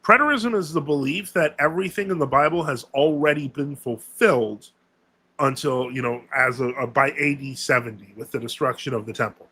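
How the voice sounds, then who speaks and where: A man's voice: medium pitch, brisk, bright, forceful tone, husky, no room sound. A man hosting a casual live Q&A stream, talking in a rambling way with many fillers and self-corrections.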